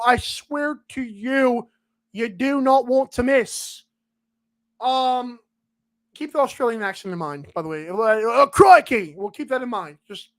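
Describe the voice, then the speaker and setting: A man's voice: very high voice, a bit bright. A man hosting a solo sports podcast, ranting emphatically and repeating lines with sarcasm. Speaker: podcast host.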